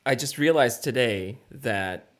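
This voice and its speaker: A man co-hosting a casual podcast over a video call, relaxed, stammering and laughing a lot. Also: medium pitch, a little slow. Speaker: podcast co-host. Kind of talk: casual chat.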